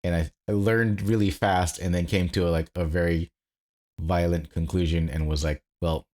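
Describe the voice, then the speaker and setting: A man co-hosting a podcast in casual film chat, with deadpan sarcasm and stumbling restarts. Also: sits low, moderate pace. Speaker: podcast co-host. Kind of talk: casual movie review chat.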